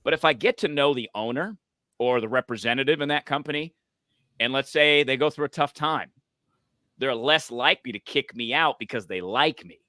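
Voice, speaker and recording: Bright, punchy man giving advice. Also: mid-range voice, moderate pace, dry recording. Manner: uses his voice up and down for emphasis. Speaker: podcast guest, voice coach. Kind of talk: conversational advice.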